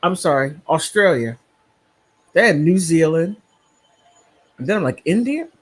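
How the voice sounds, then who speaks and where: Husky-voiced man hosting a chatty livestream. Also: a little high, animated, takes it slowly, rough recording. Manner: chatty, rambling, reacts to viewer comments. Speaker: live-stream host. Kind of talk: casual live-stream commentary. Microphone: computer mic on a streaming app.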